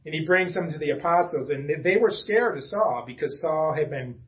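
Chatty pastor, slightly high, lo-fi. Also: male voice, a little fast. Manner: casual and chatty, with self-deprecating asides and frequent restarts. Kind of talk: conversational sermon. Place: church room with a small congregation.

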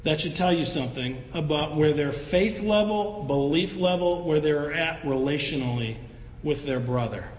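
A man with a fairly high voice delivers a casual, animated sermon and slips into the voices of the people he talks about. He is recorded in a roomy hall with a long echo, and the sound is somewhat dull, with faint ambience behind him. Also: moderate pace, slight background noise. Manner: conversational, animated, acts out the voices of the people in the story. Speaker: pastor.

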